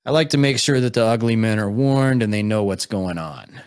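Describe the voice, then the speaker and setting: Man, young adult, lowish voice, casual stream host, deadpan sarcastic asides. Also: fairly quick, smooth. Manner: dry, sarcastic remarks. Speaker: streamer reacting to videos. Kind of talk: casual live-stream commentary.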